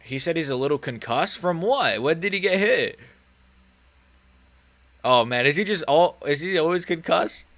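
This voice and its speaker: A man's voice: on the high side, lively intonation, normal speed, long pauses, fairly bright tone, dry recording. Man rambling through live fight reactions. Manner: rambling, joking, slangy. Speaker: live stream host.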